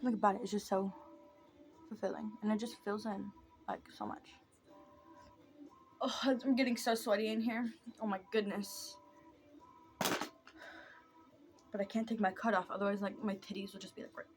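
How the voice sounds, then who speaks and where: A woman's voice: mid-range voice, steady tone, moderate pace, long pauses, faint music behind. A young adult woman chatting casually while doing her makeup, rambling and mocking herself as she drifts off topic. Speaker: vlogger.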